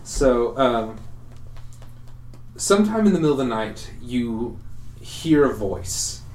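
Male game master, laid-back and halting, mid pitch, echoey room. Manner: relaxed, halting, many fillers. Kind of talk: narrating a tabletop game. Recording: roomy echo.

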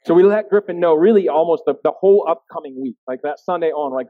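A pastor in his thirties preaches a sermon in a fairly high, brisk voice, keeping things casual and self-deprecating and often asking the room "right?" as he checks in. The recording is dry, with no echo and a narrow, phone-like sound.

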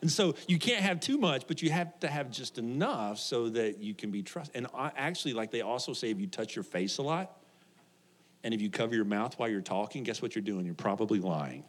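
A man's voice: mid-range voice, animated, normal speed. Joking man preaching to a congregation. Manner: conversational and joking, laughs often, asks the congregation questions. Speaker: pastor. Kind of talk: sermon.

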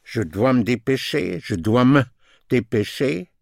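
Slow, deliberate male language teacher. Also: medium pitch, lively intonation, gravelly, dry recording, studio quality. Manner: slow, deliberate, repeats each phrase in both languages. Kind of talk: language lesson.

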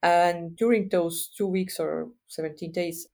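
A middle-aged woman from Estonia, speaking frankly as a guest expert in a podcast interview, pausing often with "uh" as she thinks. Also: lowish voice, steady tone, creaky, darkish tone. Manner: thoughtful, frank, with frequent uh pauses.

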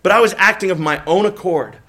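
A man with a fairly high voice preaches a sermon in a candid, storytelling way. He pokes fun at himself, acts out his own grumbling, and breaks off to speak directly to the people in front of him. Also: fast talker, pushed and bright. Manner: candid, self-mocking storytelling with acted-out quotes; talks directly to the congregation with asides. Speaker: pastor.

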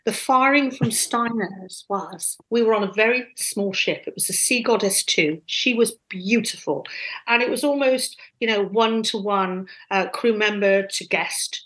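A woman casually telling animated, self-deprecating stories from her past. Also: medium pitch, unhurried, poor audio. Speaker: guest storyteller.

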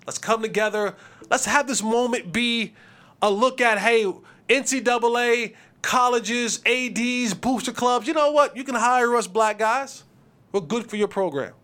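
A man hosting a sports podcast, giving opinionated commentary in an animated, preachy way and acting out quotes. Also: very high voice.

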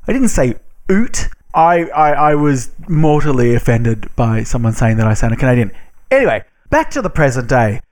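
A man's voice: mid-range voice, sing-song, normal speed. A man co-hosting a podcast in casual chat, a bit drunk, playful and mock-outraged, laughing often. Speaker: podcast co-host.

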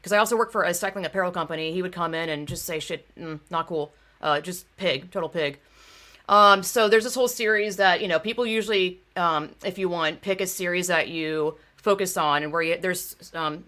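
A woman telling her story in blunt, casual talk, swearing freely as she gets worked up. Her voice is bright and forceful. She sounds like a former bike racer venting to a friend. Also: fairly low pitch, normal speed. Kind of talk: casual conversation.

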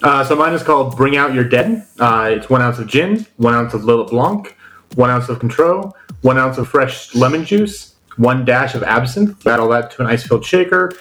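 A man's voice: medium pitch, expressive, normal speed, fairly bright tone. Joking man with crude asides. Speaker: podcast co-host. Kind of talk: casual chat.

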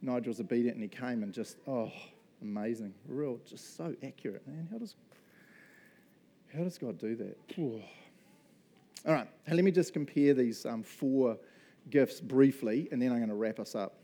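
A man preaching a casual, conversational sermon as pastor, laughing often and making quick asides during a church service. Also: medium pitch, warm tone.

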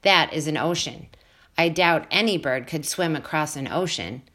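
A woman voicing a calm, careful robot mother with even, precise speech. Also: low-pitched, moderate pace.

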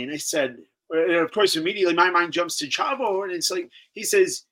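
A man speaking as a guest on a live talk show, halting and repeating himself, a little flustered. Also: high voice, bright, forceful tone, rough recording.

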